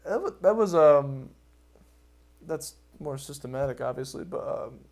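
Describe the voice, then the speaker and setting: Rambling, animated man on a podcast. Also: fairly high pitch, a little slow, creaky. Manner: rambling and animated, laughs often, swears. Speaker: podcast host. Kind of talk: casual podcast chat.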